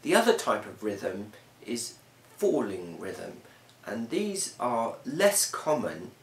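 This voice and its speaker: A man explaining a lesson in a measured way, often pausing with um. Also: fairly low pitch, big pitch swings, creaky. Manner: measured, with frequent ums. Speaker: teacher. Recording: roomy, from a distance, faint hiss.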